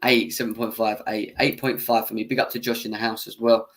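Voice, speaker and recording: A young man hosts a football fan live stream, reacting to a match with a fairly low, slightly bright voice and a flat delivery at a fairly quick pace. He's hot-tempered, swearing and arguing with his chat, though he laughs off his own bias.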